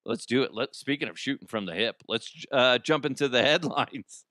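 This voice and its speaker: A man's voice: mid-range voice, normal speed, noisy background. A man hosting a comic news podcast, rambling and joking with frequent laughs. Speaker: podcast host.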